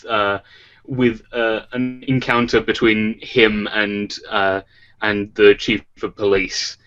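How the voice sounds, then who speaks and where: A man guest on a casual podcast, adding story ideas in a halting, dry way with many pauses. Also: fairly low pitch, flat delivery, a bit bright, faint music behind. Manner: slow, halting, full of fillers, dry. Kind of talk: casual improvised storytelling chat. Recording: muffled lo-fi mic.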